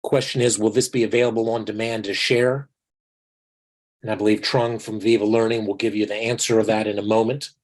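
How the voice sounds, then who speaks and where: Older man, dentist, earnest folksy storyteller, somewhat low voice. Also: level tone, brisk, a little mellow, low-quality recording. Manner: folksy, earnest storytelling, calls listeners "my friends". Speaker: dentist giving a webinar. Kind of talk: online lecture with personal stories.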